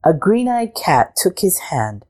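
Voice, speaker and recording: Storybook narrator, woman, unhurried with a lively melody. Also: on the low side. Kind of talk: picture book read-aloud.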